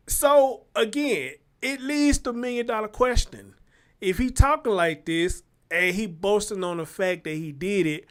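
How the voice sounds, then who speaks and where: A man hosting his own show, reacting to a news clip with loud, swearing commentary. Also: high-pitched. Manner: animated, swearing, talks back to the clip. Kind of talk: casual commentary.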